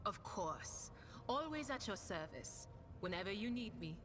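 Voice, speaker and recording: Aloof noble navigator. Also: female voice, big pitch swings, measured pace, music in the background. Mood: haughty. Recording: reverberant game audio with faint rumble.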